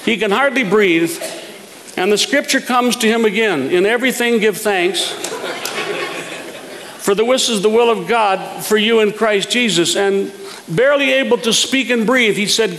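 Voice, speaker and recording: A man's voice: high-pitched, normal speed, vocal fry, a bit bright, in a large hall, poor audio. A man preaching a sermon, telling folksy humorous stories and chuckling at his own jokes.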